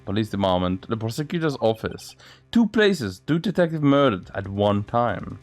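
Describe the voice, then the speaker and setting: A man's voice: lowish voice, very animated, moderate pace, no room sound, pitched below the performer's own voice. A man reading a courtroom game aloud and doing every character's voice himself, sometimes stumbling over words. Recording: faint music behind.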